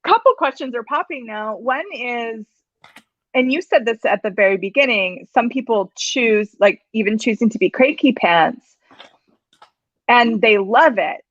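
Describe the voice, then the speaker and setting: A woman hosting an interview in a fairly high voice, casually asking curious follow-up questions. Her sound is dull and dry, with no room echo. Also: lively intonation, a little slow, a bit bright. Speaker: host.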